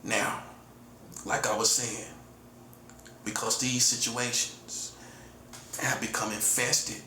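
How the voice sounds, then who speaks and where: A forties-aged man who styles himself a prophet streams a solo monologue full of defiant taunts, repeatedly saying "listen, buddy" and chuckling between points. His voice is a little high, bright, and forceful in tone. The audio carries a roomy echo and faint room noise.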